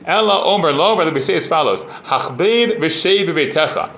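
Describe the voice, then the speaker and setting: A man's voice: fairly high pitch, expressive, normal speed, a bit bright. A man teaching a casual Talmud class. He reads Aramaic passages, explains them in plain English and fills his talk with "like" and "you know". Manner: conversational, full of "like" and "you know". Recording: dull, roomy recording.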